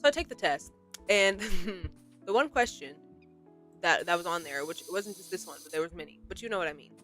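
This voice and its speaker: A woman's voice: on the low side, lively intonation, fairly quick, a bit bright, faint music behind. A young woman chatting casually while playing a game, rambling and self-deprecating with many restarts. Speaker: gaming streamer.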